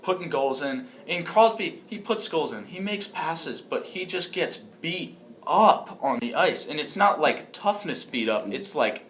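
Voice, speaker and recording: A man's voice: a little high, lively intonation, unhurried, a bit bright, a little hiss or hum. A young man co-hosting a casual podcast, rambling with restarts and frequent laughs. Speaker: podcast co-host.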